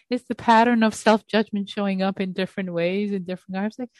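A woman leading an online meditation group as its teacher, speaking gently and slowly in a reassuring way over a video call. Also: mid-range voice, steady tone, no echo.

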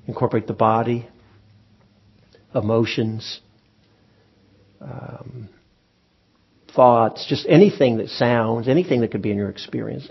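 Male meditation teacher, husky mid-pitched voice, dull lo-fi recording, casual dharma talk. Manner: relaxed, conversational, frequent ums and restarts. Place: meditation hall with audience.

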